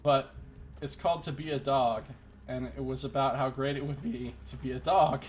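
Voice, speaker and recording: A man streams himself playing a game, talking casually into a desk microphone in an ordinary mid-pitched voice. He rambles and jokes, now and then breaking into exasperated rants. Faint game music plays underneath. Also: moderate pace. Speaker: let's play streamer. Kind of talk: gameplay commentary.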